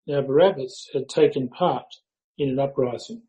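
A man reading a Bible passage aloud to a church in a measured, even way. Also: medium pitch, poor audio. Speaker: scripture reader.

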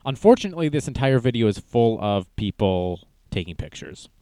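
A man's voice: medium pitch, big pitch swings, brisk, mellow, a little hiss or hum. Sarcastic man rambling through a video. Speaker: commentator reacting to a video. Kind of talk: casual reaction commentary.

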